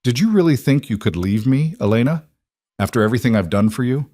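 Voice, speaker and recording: A man voicing a controlling husband who speaks smugly and with false gentleness. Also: mid-range voice, lively intonation, quick pace, dry recording, studio quality, voice pushed up, lightly acted. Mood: menacing. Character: menacing controlling male detective husband.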